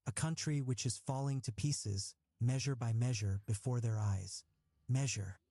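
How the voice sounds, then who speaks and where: A man's voice: mid-range voice, a little slow, warm tone, no echo, studio quality. A man reading as a sardonic young Italian man. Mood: scornful. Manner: mocking, grandly philosophical. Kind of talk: audiobook reading.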